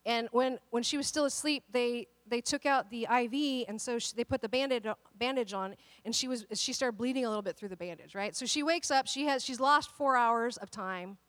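Female pastor, 30s, casual animated sermon delivery, higher voice, dry close sound. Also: fairly quick, few pauses, no echo. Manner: animated, conversational preaching with many restarts.

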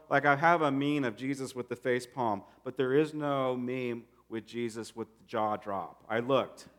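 A man in his thirties, a pastor, preaching a sermon in a conversational, animated way and acting out quotes. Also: mid-range voice.

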